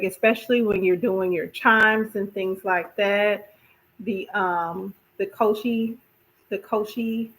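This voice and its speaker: A woman's voice: medium pitch, a bit bright, poor audio. Chatty woman hosting a wellness talk. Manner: chatty, repeats herself, asks "right?" often. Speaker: podcast host.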